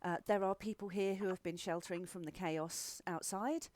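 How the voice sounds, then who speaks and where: A woman's voice: fairly low pitch, fairly even intonation, moderate pace, darkish tone, no room sound. A woman, narrating and guiding players as game master, with frequent fillers.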